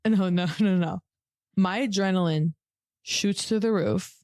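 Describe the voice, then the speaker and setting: A woman co-hosting a podcast, telling a story with lively acted-out quotes and frequent laughter. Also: medium pitch, a little slow, no room sound, clean studio sound. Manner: animated, acts out quotes, laughs often. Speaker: podcast co-host. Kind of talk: comedic storytelling chat.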